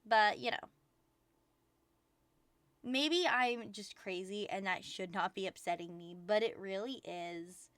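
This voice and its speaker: A woman's voice: mid-range voice, slow pace, pauses often, fairly bright tone, no echo. A young woman streaming from home, venting and rambling with lots of profanity in casual chat.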